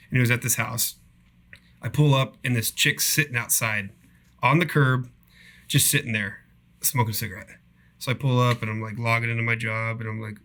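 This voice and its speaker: A man casually telling profane, animated stories about his cable installer job. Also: mid-range voice. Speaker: podcast guest, cable installer. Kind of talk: casual storytelling.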